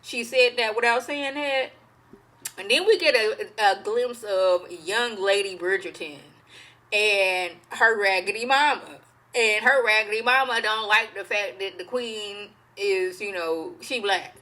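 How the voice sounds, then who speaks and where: A woman giving a casual, slangy recap of a TV episode, telling the story with animated flair. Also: medium pitch, unhurried, poor audio. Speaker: TV show reviewer.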